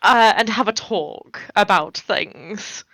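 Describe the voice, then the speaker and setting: A woman's voice: mid-range voice, slow, vocal fry, fairly bright tone, no echo, rough recording. A woman playing in a tabletop game, chatty and thinking aloud. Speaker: player. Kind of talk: casual tabletop play.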